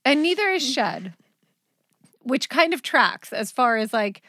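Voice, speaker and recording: A woman's voice: high voice, very animated, unhurried, bright, forceful tone, no echo, studio quality. A mother hosting a podcast, chatting casually and rambling through funny family stories, often breaking into laughter. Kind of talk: casual chat, storytelling.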